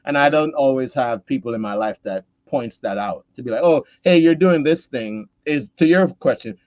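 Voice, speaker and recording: Brief: male co-host, mid-pitched, earnest conversational podcast chat, dry lo-fi sound. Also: animated, moderate pace, darkish tone, no echo. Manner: reflective, earnest, with restarts and quoted asides.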